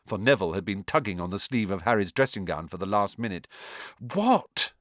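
A man narrating an audiobook in an expressive, dramatic reading. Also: low-pitched, fast, no echo, studio quality.

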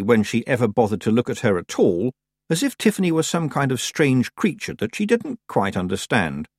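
An audiobook narrator with a husky, expressive, mid-range male voice delivers scripted narration as a storyteller. The recording is studio quality with no room sound.

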